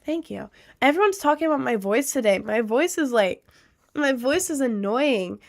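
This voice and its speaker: A woman's voice: sits high, animated, normal speed, creaky. A woman streaming live and chatting casually as she reads viewer comments aloud. She is congested after a cold, so her voice sounds nasal, and she fills her talk with "um" and "like.". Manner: chatty, with many fillers like "um" and "like". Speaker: livestreamer and musician.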